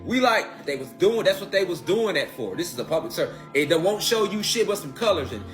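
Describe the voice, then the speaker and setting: A man's voice: sits high, big pitch swings, brisk, soft background music. A man ranting in slangy, swearing casual talk, often asking the audience if they remember. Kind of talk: animated casual rant.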